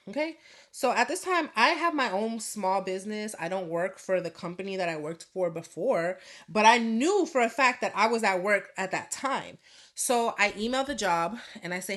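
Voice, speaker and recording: A woman's voice: mid-range voice, expressive, normal speed, fairly bright tone. A woman in her thirties chatting casually and candidly, swearing freely as she tells a personal story in a vlog. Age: 30s. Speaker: vlogger.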